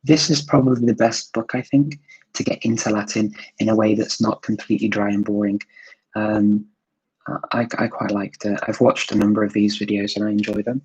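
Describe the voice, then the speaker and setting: A man's voice: on the low side, fairly even intonation, normal speed, a little mellow, breathy edge, no room sound, poor audio. A man hosting a live stream, answering viewer questions in a thoughtful, casual way with many fillers, sometimes switching languages. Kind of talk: live Q&A chat.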